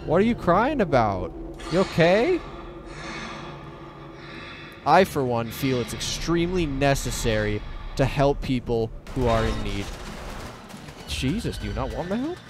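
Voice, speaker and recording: A young man's mid-range, sing-song voice carries this let's play at a moderate pace. He reacts nervously to his own gameplay, cursing and chatting with the characters on screen.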